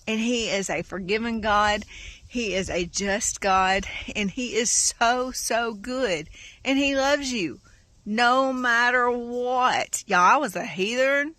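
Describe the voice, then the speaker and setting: A woman's voice: fairly high pitch, a bit bright, dry recording. Emotional woman giving testimony. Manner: emotional, rambling, says y'all often. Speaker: farm vlogger. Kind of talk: heartfelt testimony.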